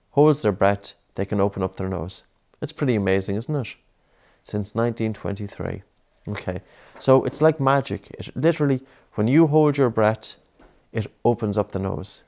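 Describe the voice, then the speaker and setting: With a somewhat low voice, a man patiently walks a child through breathing exercises, encouraging them with lots of soft, repeated cues.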